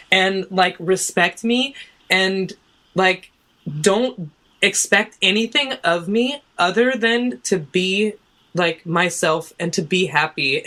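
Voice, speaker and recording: A woman's voice: on the low side, a bit bright. A woman on a podcast, chatting casually and rambling with lots of filler words. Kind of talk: casual chat.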